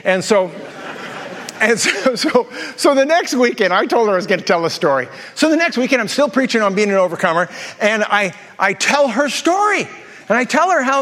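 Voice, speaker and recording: A man's voice: very high-pitched, a bit bright. Male pastor, upper register, joking sermon delivery, long church-hall reverb. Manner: jokey storytelling, quick asides and self-repeats.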